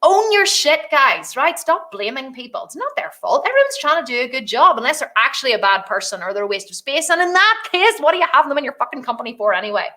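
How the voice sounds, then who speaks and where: Brief: middle-aged female business coach, high voice, blunt, animated, swears freely. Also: quick pace, few pauses. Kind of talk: energetic business training talk.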